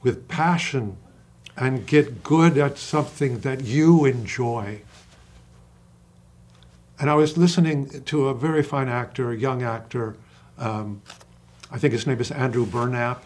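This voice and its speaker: An older man, an acting coach, talking in an interview with passion and slowing down to stress single words. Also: medium pitch, a little mellow. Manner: passionate, emphatic storyteller who acts out quoted dialogue. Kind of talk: interview conversation.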